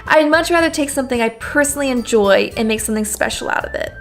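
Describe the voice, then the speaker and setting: Poised teen club president girl voiced by a woman, smooth, confident, a bit high. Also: lively intonation, fast talker, faint music behind. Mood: earnest.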